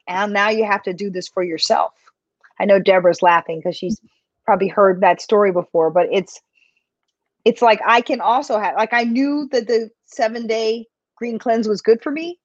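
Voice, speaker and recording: A woman health coach talking in a live podcast interview, telling her story in a chatty, animated way. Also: medium pitch, dry recording. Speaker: health coach and business owner. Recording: dry, dull lo-fi sound.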